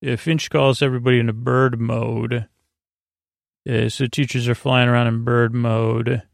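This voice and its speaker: A man hosting a sleepy bedtime podcast, retelling a story in a halting, rambling way with many fillers and restarts. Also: vocal fry, dry recording, clean studio sound. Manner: low-key monotone retelling. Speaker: podcast host. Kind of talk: sleepy bedtime episode recap.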